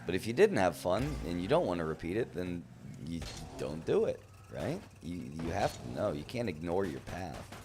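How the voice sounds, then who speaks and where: Playful low-voiced man streaming games. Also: very animated, normal speed, noisy background. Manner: playful, teasing, talks to chat. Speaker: gaming streamer. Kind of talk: casual live-stream commentary.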